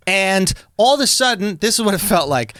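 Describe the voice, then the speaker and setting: A man in his thirties, a comedian and podcast co-host, telling an animated, profane, comic story and laughing through it. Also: sits high, fairly quick, no room sound, studio quality.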